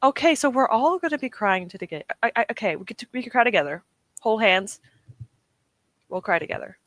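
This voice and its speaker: A woman's voice: on the high side, very animated, fairly quick, a bit bright, no room sound. A woman hosting a casual livestream, chatty and self-deprecating as she answers her chat, emotional and close to tears, with a sore throat. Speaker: livestream host.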